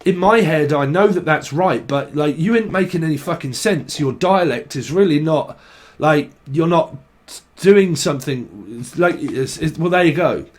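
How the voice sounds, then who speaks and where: A man's voice: fairly high pitch, moderate pace. Rambling, sweary man. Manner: rambling and sweary, thinking aloud. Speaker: tarot reader. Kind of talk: casual channelled tarot reading.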